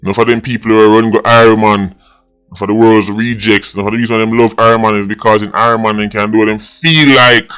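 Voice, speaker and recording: A man's voice: fairly low pitch, level tone, brisk, a bit bright, smooth, faint music behind. A man with a Jamaican accent hosting an opinionated commentary vlog, indignant and slipping between patois and English. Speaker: vlogger host.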